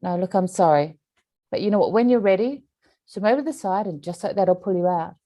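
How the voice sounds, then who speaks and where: A woman doing a patient, calm healer. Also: mid-range voice, brisk, close to an everyday voice.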